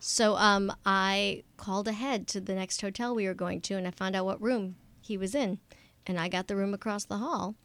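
A woman's voice: medium pitch, fairly even intonation, moderate pace, a bit bright, dry recording. Giggly playful woman storyteller. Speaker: guest, Broadway performer. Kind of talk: casual chat.

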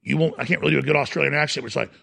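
Gravelly high-voiced man ranting on air. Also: steady tone, sharp tone. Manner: heated, rapid-fire ranting with quick impressions. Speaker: talk show host. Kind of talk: radio talk show rant.

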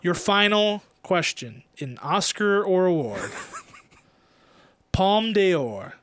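A man's voice: high voice, very animated, very slow, fairly bright tone, no room sound. A man co-hosting a podcast, running a playful quiz game and teasing his co-host while building suspense. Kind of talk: casual podcast chat.

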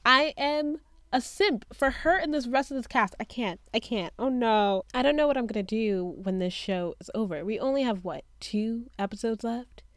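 A woman's voice: on the high side, normal speed, no echo. Young woman hyped up recapping her fave show, lots of "what if", dry close sound. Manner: gushing, animated, thinks aloud with rhetorical questions. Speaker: TV recap host. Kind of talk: excited casual recap.

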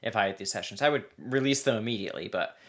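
Bright-voiced man narrating a case. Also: lowish voice, quick pace. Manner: recounts case details with frequent "um" and "like". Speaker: podcast host. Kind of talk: casual true-crime storytelling.

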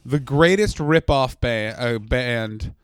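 A man co-hosting a comedy podcast, telling stories in a profane, fast-talking casual chat. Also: mid-range voice, smooth, dry recording. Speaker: podcast co-host.

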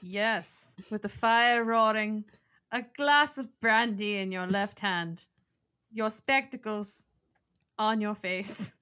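A woman's voice: medium pitch, fairly even intonation, takes it slowly, sharp tone. A young woman in her twenties co-hosting a podcast, chatty and self-mocking, laughing often. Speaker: podcast co-host. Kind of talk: casual chat.

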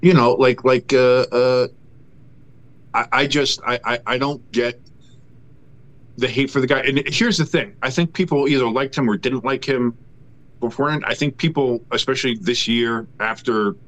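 A man co-hosting a casual sports podcast, talking in a rambling, halting way with many fillers and restarts. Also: medium pitch, steady tone, fairly bright tone. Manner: rambling, halting with many fillers, then a profane ranting tirade.

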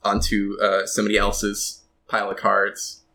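Bright-voiced man running a tabletop game. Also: fairly low pitch, moderate pace, vocal fry. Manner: laughing, animated storyteller. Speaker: game master.

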